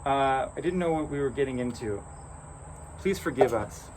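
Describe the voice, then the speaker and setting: A man acting out a frightened young son caught in mischief. He stammers and gasps out breathy apologies. Loud crickets and insects sound all around the outdoor recording. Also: medium pitch, lively intonation, moderate pace, recorded from a distance, a little hiss or hum, lightly acted, poor audio.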